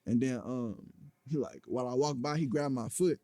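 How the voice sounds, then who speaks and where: A man tells a personal story as an interview guest, talking bluntly and swearing freely as he rambles through it. His voice sits at an ordinary middle pitch, and the sound is dry and close with no room around it. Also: normal speed, dark tone, dry recording. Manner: blunt, profane, rambling storytelling with many fillers.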